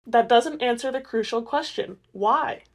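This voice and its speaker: A woman's voice: a little high, unhurried. Woman reading an earnest, worried vampire dad type.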